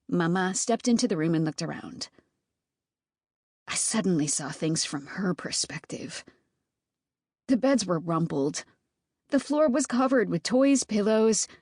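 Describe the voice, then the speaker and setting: Expressive woman narrating an audiobook. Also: fairly low pitch, creaky, no room sound, studio quality. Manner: expressive, animated character reading. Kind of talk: first-person audiobook narration.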